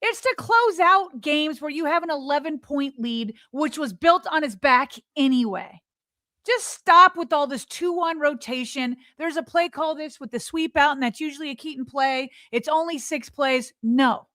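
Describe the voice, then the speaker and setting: Woman, podcast co-host, high-pitched, emphatic, exasperated, rhetorical, dry close mic. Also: normal speed, bright, forceful tone, no echo. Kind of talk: heated sports podcast argument.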